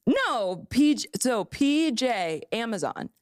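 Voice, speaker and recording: A woman's voice: a little high, sing-song, slow pace, no echo. A woman co-hosting a podcast in casual chat, giggling and stumbling over her punchlines. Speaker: podcast co-host.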